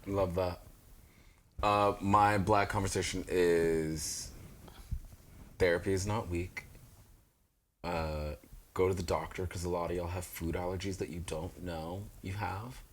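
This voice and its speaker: A man's voice: low-pitched, a little slow, long pauses, a little hiss or hum. A young man chatting casually as a guest, telling stories with flamboyant, sassy flair. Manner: flamboyant, animated storytelling with sassy asides. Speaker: guest, actor. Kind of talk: casual chat.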